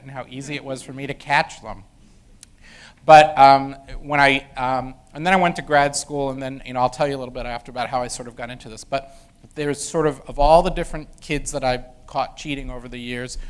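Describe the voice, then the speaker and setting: A man's voice: medium pitch, smooth. A middle-aged man, an education professor, telling a story from his teaching days in a casual lecture style with many fillers and restarts. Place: university lecture room.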